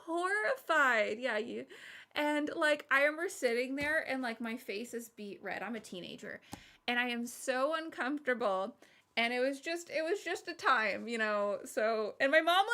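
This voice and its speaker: A woman in her thirties chatting casually to stream viewers, telling rambling stories with lots of fillers and laughter. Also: a little high. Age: 30s. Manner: rambling, animated storytelling with frequent laughs and fillers. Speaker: streamer and podcast host.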